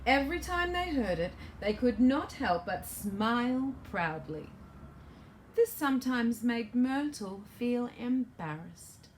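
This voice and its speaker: A woman's voice: on the high side, very animated, slow, a little hiss or hum. Playful woman reading a children's storybook. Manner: playful, asks the listening children questions. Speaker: children's book author reading aloud. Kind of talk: storybook read-aloud for children.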